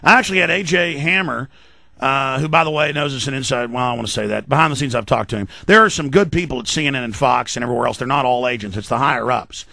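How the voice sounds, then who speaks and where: A male radio talk show host, delivering an emphatic, defensive, rapid-fire monologue. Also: medium pitch, creaky, bright, forceful tone, no echo. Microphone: studio mic.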